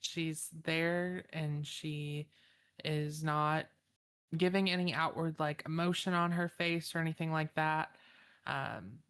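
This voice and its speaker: A woman's voice: deep voice, fairly even intonation, slow pace, fairly bright tone, clear, resonant tone. A woman describing her character in a tabletop game, hesitant and searching for words. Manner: hesitant, many fillers and restarts. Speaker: player.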